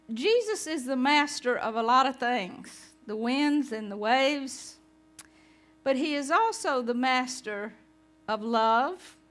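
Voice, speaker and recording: A woman's voice: high voice, fairly bright tone. A woman pastor giving a conversational sermon, chatting with her congregation.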